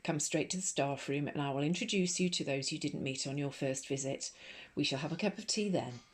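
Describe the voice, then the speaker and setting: A large, imposing English headmistress, as a woman reads her aloud in an audiobook barks crisp, firm directions at a class. Her voice rides higher and louder than the plain reading voice, with an arch, bossy edge. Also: fairly quick. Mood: brisk, firm. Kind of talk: ASMR audiobook role reading.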